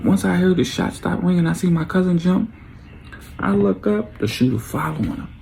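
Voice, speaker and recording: A man's voice: sits high, normal speed, creaky. A young man telling a story in a casual vlog, acting out what people said and making sound effects. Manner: animated, acts out quotes with sound effects.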